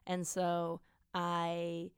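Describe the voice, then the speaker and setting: Young woman, from Wisconsin, podcast co-host, chatty, self-mocking, lowish smooth voice. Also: monotone, drawn-out words, no room sound, clean studio sound. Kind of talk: casual chat.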